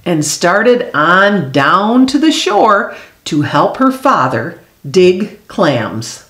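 A woman reads a picture book aloud, slow and unhurried. Her pitch rises and falls with the story. An echoey room surrounds her voice. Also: sing-song, a bit bright. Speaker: children's book reader.

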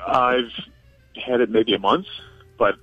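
A man's voice: medium pitch, steady tone, takes it slowly, no echo, faint music behind. Hesitant man on a muffled phone line. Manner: hesitant, defensive. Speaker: prank call victim.

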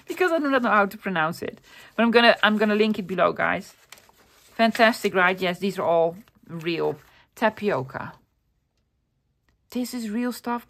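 A woman chatting through a show-and-tell of her vintage finds. She sounds enthusiastic and rambles a little, full of ums, restarts and little exclamations, with a mid-range voice. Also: mid-range voice. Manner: enthusiastic, rambling, with many fillers and self-corrections. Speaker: vlogger showing a thrift haul.

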